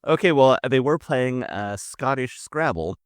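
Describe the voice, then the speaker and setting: A man's voice: medium pitch, animated, measured pace, clean tone, dry recording, clean studio sound. A man co-hosting a podcast in casual, jokey chat, laughing often. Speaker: podcast co-host.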